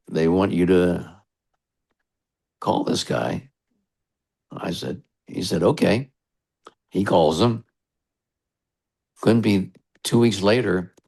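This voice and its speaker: A middle-aged man with a very deep voice and a gravelly edge tells his stories slowly. He wanders off on asides and comes back to the thread in a relaxed interview manner. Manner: relaxed, rambling anecdotes with asides. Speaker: radio DJ guest. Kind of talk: storytelling interview.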